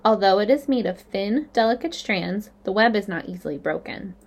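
A woman narrating a children's novel aloud in a clear, expressive storytelling manner. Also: medium pitch, normal speed.

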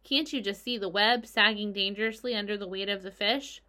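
A woman's voice: mid-range voice, fairly quick, sharp tone, natural voice. A woman voicing an imaginative young farm girl who insists eagerly on her tales.

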